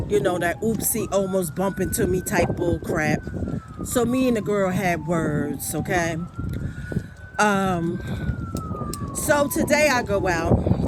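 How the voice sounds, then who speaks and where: A woman's voice: medium pitch, heavy background noise. A woman telling a story in a casual, emphatic, rambling monologue. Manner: rambling with many fillers and restarts. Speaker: vlogger.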